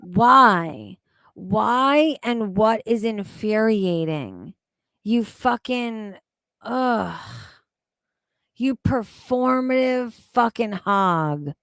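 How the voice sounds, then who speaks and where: A woman streamer tears into a video clip with crude, incredulous commentary. Her voice sits a bit high and she talks slowly, drawing out her disbelief. The sound is dry and close. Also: expressive, fairly bright tone, no echo. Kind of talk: profane reaction commentary.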